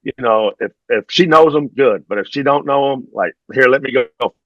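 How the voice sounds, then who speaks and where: A middle-aged man, a podcast guest telling stories in a relaxed, drawling way and laughing along as he goes. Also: medium pitch, moderate pace, no room sound, lo-fi sound. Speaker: podcast guest, former pro wrestler. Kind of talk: casual interview storytelling.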